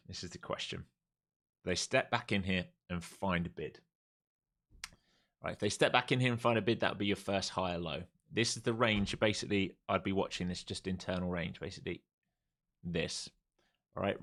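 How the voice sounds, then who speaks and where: A man streaming his day trading live, talking through charts calmly and then groaning and swearing at the market when it moves against him. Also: low voice. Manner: swings from calm chart talk to exasperated outbursts at the market.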